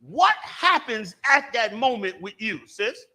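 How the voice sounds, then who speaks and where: A man leads a religious class, his voice sitting high and swinging widely. He presses points by repeating phrases, then throws questions out to the listeners and calls on them. The tone is bright and cutting. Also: very animated, slow pace. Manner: emphatic, repeats key phrases. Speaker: religious teacher. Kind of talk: teaching a class.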